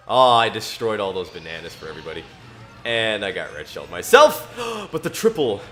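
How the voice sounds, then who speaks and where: A man's voice: on the low side, sing-song, fairly quick, bright, forceful tone. A man chatting to himself while playing a racing game, laughing often and reading scripture aloud in between. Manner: self-amused, laughs often, talks to himself. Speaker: gamer. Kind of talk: casual gaming commentary mixed with scripture reading.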